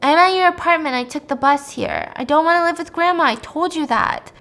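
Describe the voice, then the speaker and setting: Woman playing young boy, upset, pleading, whiny, high voice. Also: fairly quick, fairly bright tone. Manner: pleading, whiny, raised pitch. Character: upset young boy calling his dad.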